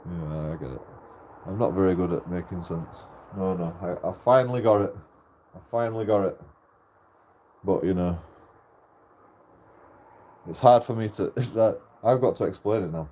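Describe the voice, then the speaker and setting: A man's voice: sits low, normal speed, long pauses, mellow. A man vlogging in casual, rambling chat. He laughs often, swears a lot and restarts his sentences.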